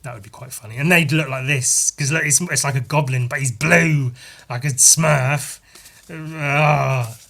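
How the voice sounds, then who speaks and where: A man's voice: mid-range voice, a little slow, creaky, bright, forceful tone. A man hosting a podcast, rambling casually and sweary as he counts cards and envelopes aloud. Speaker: podcast host. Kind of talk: casual behind-the-scenes monologue.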